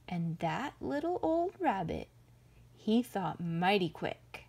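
Breathy woman reading a rhyming story. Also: mid-range voice, very animated, slow. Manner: gentle, rhythmic read-aloud. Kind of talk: reading a rhyming picture book aloud.

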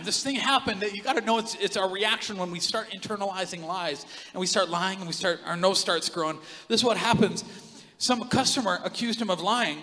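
Animated man preaching in a reverberant hall. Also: sits high. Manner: animated, joking storyteller with big swings in loudness. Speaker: pastor. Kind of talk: sermon. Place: large church hall.

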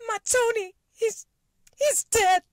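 A tearful female fish starlet of an aquarium show, very high, quavering cartoon voice. She pleads slowly and brokenly, and the sound is dry and close with no room around it. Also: no room sound. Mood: grieving. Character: heartbroken female aquarium fish star, weepy.

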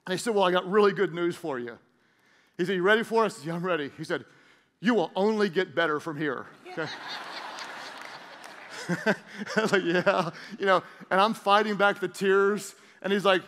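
A middle-aged man, a pastor preaching a sermon, emphatic and swinging between booming lines and hushed ones. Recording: long church reverb.

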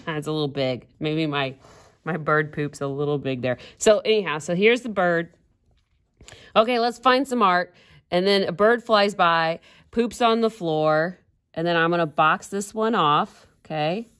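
A woman's voice: fairly low pitch, measured pace, a bit bright, clean tone. A woman art teacher giving a casual drawing demonstration, chatty and giggling at her own jokes.

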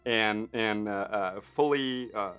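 A man's voice: fairly low pitch, slow pace, clear, resonant tone, lo-fi sound, soft background music. Chatty man spinning a filler-heavy story. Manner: animated storyteller, acts out others' lines with lots of fillers. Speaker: special effects artist. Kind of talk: anecdotal interview.

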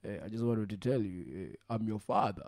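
A man putting on the deep voice of a stranger who claims to be someone's long-lost father. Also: fairly quick, darkish tone, no room sound, clean studio sound, close to an everyday voice. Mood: solemn. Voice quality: deep, booming.

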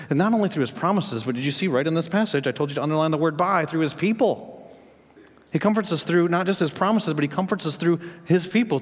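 A man preaching a sermon as pastor, telling a story and asking the congregation questions, rising in pitch and volume to make his points. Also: long reverb tail.

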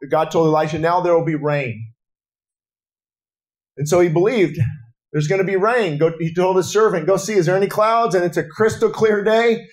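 A man's voice: on the high side, darkish tone. A man preaching a sermon as pastor at a breakfast gathering, earnest and rising to fervent, urgent delivery.

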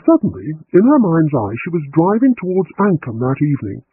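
A man narrating an audiobook in a measured storytelling manner. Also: fairly high pitch, wildly swooping pitch, husky, no echo. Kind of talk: scripted narration. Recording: tinny phone-like line.

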